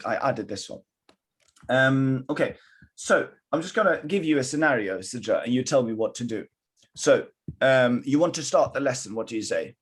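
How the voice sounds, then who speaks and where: Male online Mandarin tutor, husky, encouraging, bilingual English and Mandarin. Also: medium pitch. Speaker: Chinese teacher. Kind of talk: live online language lesson.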